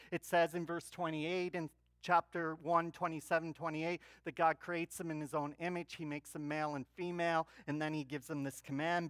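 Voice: mid-range voice, no echo. A pastor preaching a sermon in church, telling stories with humor and energy. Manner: animated storytelling with humor.

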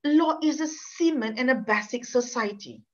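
A woman with a Malaysian accent gives a university law lecture. She speaks earnestly and with feeling, in a slightly high voice. The recording is dull and lo-fi. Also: normal speed. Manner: earnest, emotional, repeats words, non-native phrasing. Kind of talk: university lecture with personal story. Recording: dull lo-fi sound.

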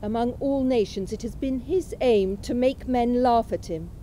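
A woman with a fairly high, mellow voice reads aloud from a lecture. Her delivery is measured and unhurried, literary in tone, and she gives each line room without any showiness. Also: a little hiss or hum, low-quality recording. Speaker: speaker at a memorial event. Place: college chapel.

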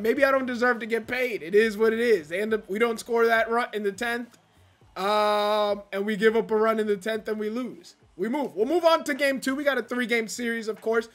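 High bright-voiced frustrated gamer man. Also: fairly even intonation, a little fast. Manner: rambling, frustrated, venting with sudden loud outbursts. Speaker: gaming YouTuber. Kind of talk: casual gameplay commentary.

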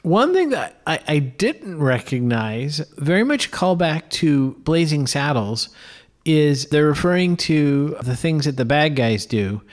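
A man's voice: a little high, big pitch swings, a little slow. A man co-hosting a casual film podcast who laughs readily and thinks aloud with small restarts. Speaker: film podcast co-host and filmmaker. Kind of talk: casual film discussion chat.

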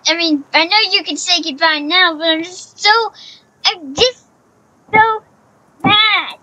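A woman's voice: very high voice, takes it slowly, bright, forceful tone, no room sound, low-quality recording. A woman giving casual commentary over a video game, rambling, repeating herself and talking to the character on screen. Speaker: gaming channel host.

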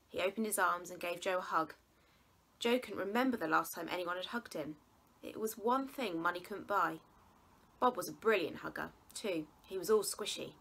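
A woman reading a children's novel aloud with expressive storytelling. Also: fairly low pitch, moderate pace, vocal fry. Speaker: reader.

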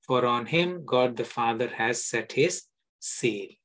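A man's voice: medium pitch, slow pace, a bit bright, low-quality recording. A middle-aged male pastor giving a Bible-teaching sermon, reading scripture verses aloud and explaining them, with frequent restarts.

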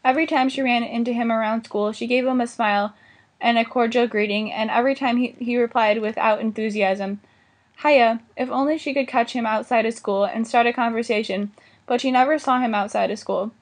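A woman's voice: on the high side, steady tone, a little fast. A woman reading a children's novel aloud, giving the dialogue light character inflection. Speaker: audiobook reader. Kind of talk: scripted narration of a children's novel.

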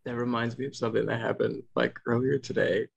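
A man's voice: mid-range voice, level tone, fast talker. A man in his thirties hosting a casual podcast, rambling through a family story with restarts and mimicking his kids. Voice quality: gravelly. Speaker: podcast host. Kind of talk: casual chat. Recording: dull lo-fi podcast sound.

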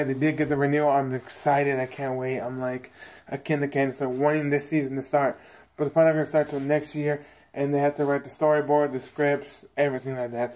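A man's voice: mid-range voice, darkish tone. A man talking casually to his viewers, recapping and reviewing a TV episode in a rambling way, often repeating himself and acting out the characters' lines.

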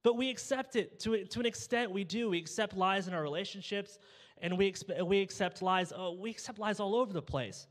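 Speaking briskly in a high voice, a young pastor delivers a sermon full of humorous family stories, performing each character's lines. The recording carries the reverb of the church sanctuary.

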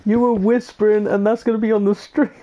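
Dark-voiced, teasing man gaming. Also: high voice, little pitch movement, brisk. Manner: teasing, giggly, playful. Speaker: co-player. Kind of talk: casual let's-play chat. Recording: muffled, lo-fi voice chat with faint background noise.

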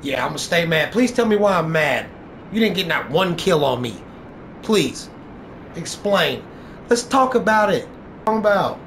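Playing an online game, this YouTuber taunts a rival with profane boasts and lines he repeats for effect. He speaks a little high in a sing-song, unhurried way, a bit bright, with slight background noise.

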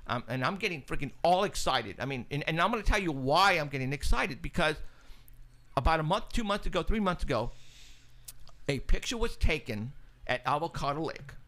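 A radio show host telling an excited, casual story, acting out both sides of a phone call. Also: male voice, fairly high pitch, fairly quick. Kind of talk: casual chat. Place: studio, live stream.

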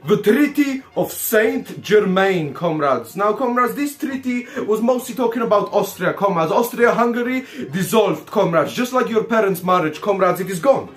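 A man's voice: high voice, animated, moderate pace, few pauses, faint music behind. A man hosting a comedic history explainer, joking and swearing and calling his viewers comrades. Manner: profane, jokey, calls the audience comrades constantly. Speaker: history video host.

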